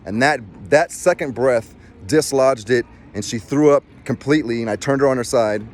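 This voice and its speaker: A man's voice: medium pitch, moderate pace. A middle-aged man, a former Marine, telling a personal story in casual, rambling speech with many restarts. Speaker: former Marine recounting a rescue.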